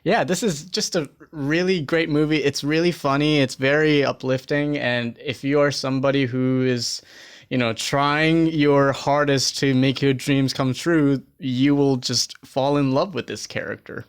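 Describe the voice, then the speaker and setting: A man's voice: medium pitch, fairly even intonation, unhurried, smooth. A man co-hosting a podcast in casual chat, talking earnestly and repeating words for emphasis. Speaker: podcast co-host.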